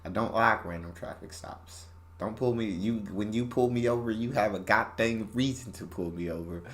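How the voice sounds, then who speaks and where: A man with a fairly low voice reacts to clips in loose, conversational commentary. He leans on repetition and grows heated when something bothers him. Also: normal speed. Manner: emphatic, repeats phrases, gets heated. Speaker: reaction video host. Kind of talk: casual commentary.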